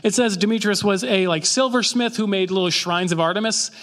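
High-voiced man preaching casually in a hall. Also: fairly quick, fairly bright tone. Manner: conversational, acts out quoted characters with jokey voices. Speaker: pastor. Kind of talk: casual sermon. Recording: long reverb of a large hall.

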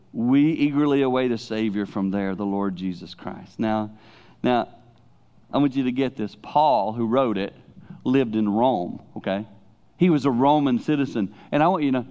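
With the highs cut off, a middle-aged man with a mid-range voice preaches to a youth congregation as a traveling preacher. His sermon is candid and confessional, carried by animated storytelling.

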